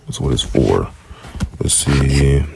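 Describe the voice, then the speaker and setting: Casual teacher, man, slow and unhurried, deep rough voice, thinks out loud. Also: background noise. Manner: thinking aloud, repeating sounds slowly. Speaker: self-taught Hebrew teacher. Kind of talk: casual screen-share lesson.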